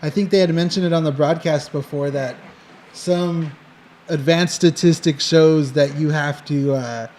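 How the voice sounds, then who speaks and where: A man's voice: on the high side, fairly even intonation, unhurried, a little mellow, a little hiss or hum. Easygoing man in casual sports chat. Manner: easygoing, joking, trails off mid-sentence. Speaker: podcast co-host.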